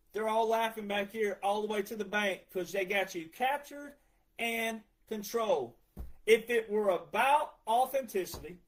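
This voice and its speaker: A forty-something man with a drawl and a notably high voice, ranting in a heated, sarcastic monologue. He mocks his critics in put-on voices between angry outbursts. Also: rough recording. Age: 40s. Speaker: retired veteran ranting about country music.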